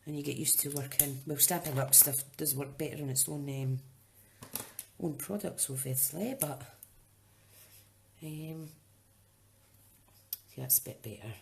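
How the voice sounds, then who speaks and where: Woman, low voice, chatty craft demo, talks to herself as she works, faint background hiss. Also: measured pace, vocal fry, long pauses, darkish tone. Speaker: craft demonstrator. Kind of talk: casual live-streamed craft demo.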